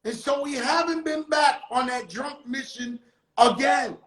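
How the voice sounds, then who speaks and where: A man hosting his own live stream, telling a story in a casual, animated and profane way, with sudden shouted bursts. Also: extremely high pitch, unhurried, echoey room, poor audio. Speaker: livestream host telling a story. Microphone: phone on a live stream.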